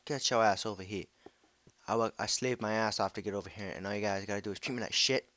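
A man giving casual commentary while playing a game, swearing freely, shouting at monsters and muttering to himself. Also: fairly low pitch, fairly even intonation, very fast. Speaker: video host.

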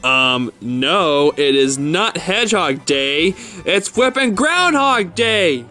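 A man's voice: fairly high pitch, sing-song, takes it slowly, sharp tone, soft background music, exaggerated voice. A man voicing Mario as a short-tempered plumber who rants and swears when angry. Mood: annoyed. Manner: exasperated, swearing, ranting. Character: Mario, short-tempered adult male plumber, easily enraged. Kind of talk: toy stop-motion fan skit voice.

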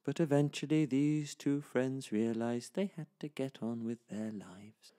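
A man telling a traditional children's story in a slow, lively, sing-song way. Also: mid-range voice.

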